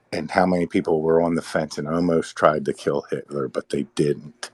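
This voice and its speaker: Deep-voiced rambling man, casual chat. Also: steady tone, moderate pace, dry recording. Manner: rambling, repeats words, sighs.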